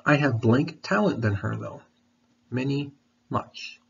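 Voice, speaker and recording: A man's voice: mid-range voice, slow, gravelly, slightly rough. A man teaching an online English lesson, talking patiently and repeating his questions, with a throat candy in his mouth. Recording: dull lo-fi recording.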